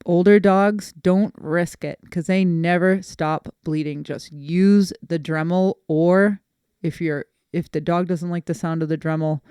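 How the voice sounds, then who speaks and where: Woman dog trainer, podcast co-host; animated, laughing storyteller, resonant voice, dry close sound. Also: lowish voice, a little slow, clear, resonant tone, no echo. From Boston area. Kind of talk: casual chat.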